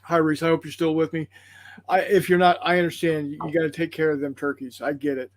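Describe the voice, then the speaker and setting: A man with a twang hosts a tabletop gaming livestream, reading out viewer comments in a rambling, folksy way full of "uh" and "um." His voice sits fairly high for a man. The sound is dry and close, with no room echo. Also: little pitch movement, quick pace. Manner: rambling, apologetic, folksy with fillers.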